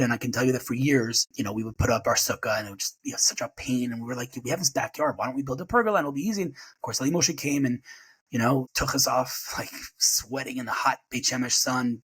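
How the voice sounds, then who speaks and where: A man in his forties, a podcast guest sharing emotional memories in a rapid, halting way full of restarts. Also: medium pitch, a bit bright, breathy edge, low-quality recording. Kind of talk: emotional personal remembrance.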